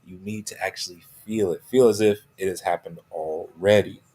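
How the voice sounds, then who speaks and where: A man with a low, husky voice gives a motivational coaching talk. He leans on repeated key phrases and punctuates nearly every point with "right?" or "okay?". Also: fairly even intonation, normal speed, mellow. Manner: checks in constantly with "right?" and "okay?".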